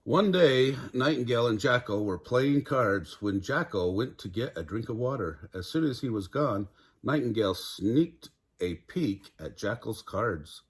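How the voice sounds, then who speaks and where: An older man, a grandfather, narrating a children's story aloud in an animated, chuckling way. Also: mid-range voice, measured pace, breathy edge.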